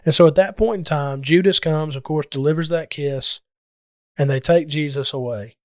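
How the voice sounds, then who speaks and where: A man's voice: a little high, moderate pace, a little mellow, no echo, clean studio sound. Earnest man preaching a Bible lesson. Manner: earnest, emphatic scripture reading.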